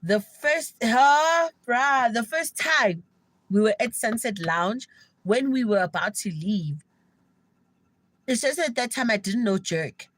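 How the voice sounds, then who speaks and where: A young South African woman telling an animated, gossipy story to viewers of her live stream in casual slang. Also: a little high, takes it slowly, dry recording, rough recording. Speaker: livestreamer.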